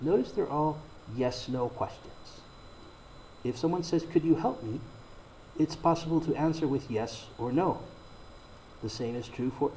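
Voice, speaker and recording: A man giving a recorded English grammar lesson, explaining slowly and deliberately and reading out example sentences. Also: medium pitch, dark tone, slight background noise, rough recording. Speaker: English teacher.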